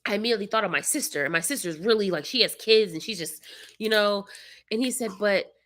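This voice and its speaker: Chatting casually on a livestream, a young mother of small kids who vlogs spins a long story fast in a mid-range voice that's bright and forceful yet tired and slightly congested. She animates every quoted person and bursts out loudly without warning.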